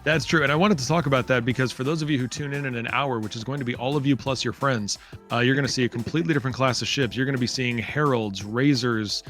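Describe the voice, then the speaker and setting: A man's voice: mid-range voice, fast, fairly bright tone, faint music behind. A man giving live commentary on an online spaceship race, chatty and upbeat with plenty of fillers.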